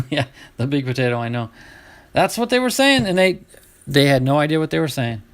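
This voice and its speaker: A man's voice: a little high, lively intonation, brisk. A middle-aged man hosting a live baseball card break, chatting casually with his viewers as he sorts cards. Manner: chatty, talks to chat viewers while sorting cards.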